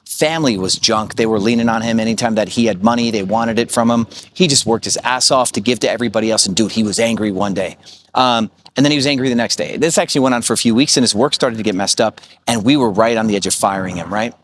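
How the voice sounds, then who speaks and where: A man's voice: lowish voice, fast, a bit bright. A man in his thirties talks straight to camera in a blunt, casual coaching style. He swears freely and fills his stories with "like" and "right?". A faint ambient hum sits under his voice. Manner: blunt, profane, storytelling with many fillers. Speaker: short-term rental business coach. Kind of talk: casual vlog monologue.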